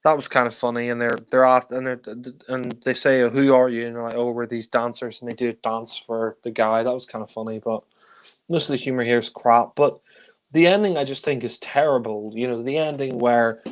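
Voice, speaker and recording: A man's voice: medium pitch, steady tone, a little fast. A man giving a casual spoken film review, blunt and critical, with frequent sighs and filler words.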